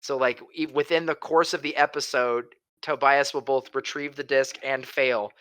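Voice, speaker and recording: A man's voice: medium pitch, steady tone, moderate pace, a bit bright. A man co-hosting a podcast in casual chat, playful and jokey. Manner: playful, jokey, slips into silly voices. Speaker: podcast co-host.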